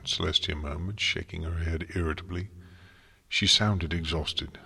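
A man reading a story aloud in a slow, measured narration style. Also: low-pitched, fairly even intonation, creaky, pushed and bright, husky. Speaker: audiobook narrator. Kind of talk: scripted fan fiction narration. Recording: long hall reverb.

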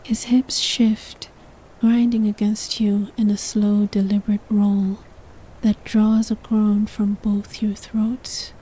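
Woman, whispered role-play, second-person narration, breathy, mellow, very slow. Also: mid-range voice, level tone, low-quality recording. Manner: second-person storytelling, hushed and sensual.

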